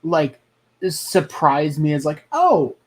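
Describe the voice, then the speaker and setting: A podcast co-host in a casual recap who talks slowly and unhurriedly. The humor runs dry and sarcastic, with casual swearing along the way. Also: medium pitch, expressive.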